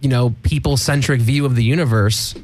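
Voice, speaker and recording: A man's voice: medium pitch, brisk, darkish tone. A man co-hosting a casual podcast, wry and teasing. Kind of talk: casual crude comedy chat.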